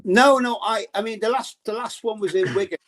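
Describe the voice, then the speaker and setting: A man's voice: high voice, a little fast, fairly bright tone. A man talking as a podcast guest about his darts journalism in a casual, rambling way with many restarts.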